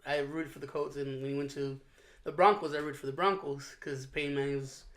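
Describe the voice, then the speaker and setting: A man co-hosting a podcast, telling stories in an animated casual chat and laughing often. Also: fairly high pitch, fairly quick. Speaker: podcast co-host.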